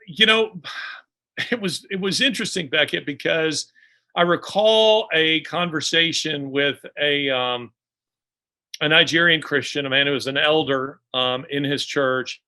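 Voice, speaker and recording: In a conversational interview, a male guest author speaks with a fairly high, pushed and bright voice. His delivery is unhurried, full of restarts and fillers.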